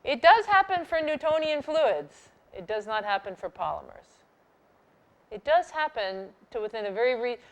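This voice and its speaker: A middle-aged woman giving a university lecture, explaining slides in an emphatic, conversational teaching manner and answering students. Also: fairly high pitch. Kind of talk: classroom lecture. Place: lecture hall.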